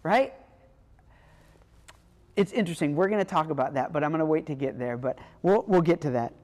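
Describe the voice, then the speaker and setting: A woman's voice: low voice, fast talker, a little mellow. Woman preaching in a reverberant hall. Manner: conversational storytelling. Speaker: pastor. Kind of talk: sermon.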